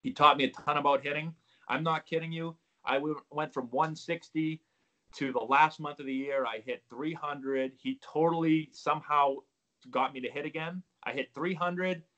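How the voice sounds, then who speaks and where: A man's voice: fairly high pitch, moderate pace, rough recording. A man in his thirties, a former pro ballplayer, telling stories casually and acting out the dialogue. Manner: animated storyteller acting out quoted dialogue. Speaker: guest, former pro baseball player. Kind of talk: casual storytelling interview.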